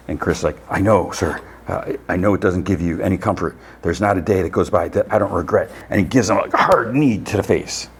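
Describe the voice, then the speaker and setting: Low-voiced man recapping a TV episode. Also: slightly rough. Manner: retells scenes with constant "like" and quoted lines. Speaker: podcast host.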